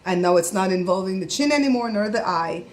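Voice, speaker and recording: A middle-aged woman from Belize chats away in a relaxed home vlog. She talks freely and breaks into laughter often, with a voice pitched right in the middle for a woman. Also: fairly quick. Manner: chatty, laughs often while talking. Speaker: family vlogger. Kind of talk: casual vlog chat.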